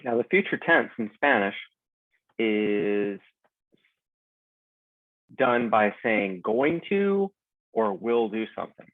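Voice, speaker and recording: Male teacher, low voice, patient drilling, dry and narrow lo-fi sound. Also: animated, no echo. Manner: slow, careful drilling of verb forms. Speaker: Spanish teacher. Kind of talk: recorded grammar lesson.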